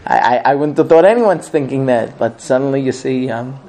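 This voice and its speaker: A man teaching a religious class, telling stories in an animated way and often laughing. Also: mid-range voice, brisk, crowd noise. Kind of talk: storytelling religious lesson.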